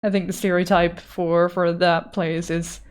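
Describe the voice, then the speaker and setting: A woman's voice: lowish voice, level tone, unhurried, smooth. A young adult woman streamer chatting casually and self-deprecatingly while drawing live, swearing now and then and reading chat aloud. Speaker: art streamer.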